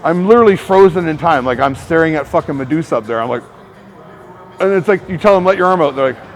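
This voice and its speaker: A man's voice: on the high side, expressive, fast. A man working as a personal trainer, rambling through casual coaching talk to the camera, swearing and filling gaps with "like". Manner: rambling, profane, filler-heavy.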